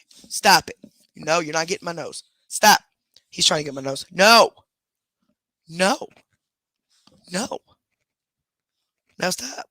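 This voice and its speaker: A woman's voice: fairly low pitch, lively intonation, a little slow, long pauses, fairly bright tone, no room sound, clean studio sound. A woman hosting a casual livestream, scolding her dogs and chatting to her viewers. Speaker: livestream host.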